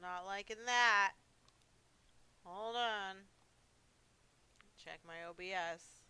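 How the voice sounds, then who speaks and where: Woman streamer, casual gameplay commentary, slangy swearing asides, bright clear voice. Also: mid-range voice, extremely slow, no echo, low-quality recording. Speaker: game streamer.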